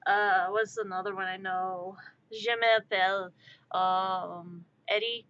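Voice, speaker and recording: A woman's voice: medium pitch, level tone, slow pace, a bit bright, no echo. Rambling woman streamer, lo-fi audio. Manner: rambling, heavy use of "like". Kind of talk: casual live-stream chat.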